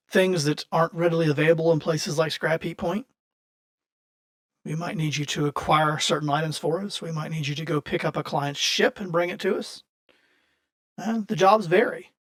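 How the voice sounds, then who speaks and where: A man's voice: on the high side, a bit bright, natural voice. A man voicing a courteous, businesslike male salvage-yard boss who runs a shady upgrade shop, in a tabletop game.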